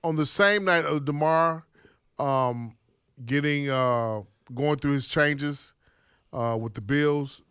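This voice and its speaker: A man's voice: fairly high pitch, slow pace, a bit bright, smooth, no room sound, clean studio sound. A man in a casual sports chat, talking in a laid-back, teasing, repetitive way. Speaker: podcast co-host.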